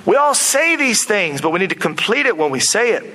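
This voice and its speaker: A man preaching a sermon to his church, lively and animated, acting out quotes and movie scenes. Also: high voice, fairly quick, slight background noise, poor audio. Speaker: pastor.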